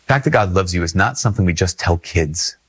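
Man, priest, conversational homily, earnest, repetitive emphasis, lowish husky voice. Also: lively intonation, fast talker, no room sound. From Minnesota. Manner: earnest, repeats phrases for emphasis, chuckles.

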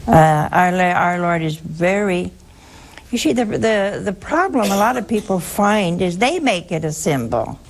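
An older woman hosting a religious call-in show, teaching slowly and emphatically with sudden high rises. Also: animated, a little hiss or hum. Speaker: religious radio host answering callers.

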